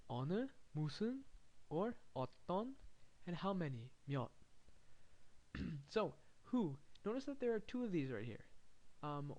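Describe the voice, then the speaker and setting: A man with a slightly raised pitch gives a recorded language lesson. He explains things step by step and slowly repeats each example phrase so learners can follow. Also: a little mellow. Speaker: language teacher.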